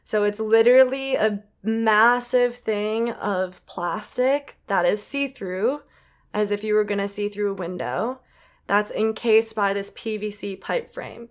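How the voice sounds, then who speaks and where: Young woman co-host, chatty and animated, does little voices for quotes. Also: mid-range voice, measured pace. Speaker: podcast co-host. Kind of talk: casual storytelling chat.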